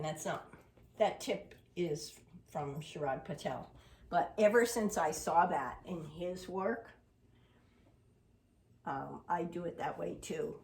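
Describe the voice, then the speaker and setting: Slow-speaking woman dog trainer, echoey room. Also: on the low side, a bit bright. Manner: patient, explanatory, affectionate with the dog. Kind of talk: training demonstration with commentary. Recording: roomy sound from a distant mic.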